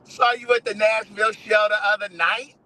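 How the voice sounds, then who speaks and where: A man hosting a casual live stream, telling stories in an animated way and swearing freely. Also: sits high, normal speed, rough recording. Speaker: host.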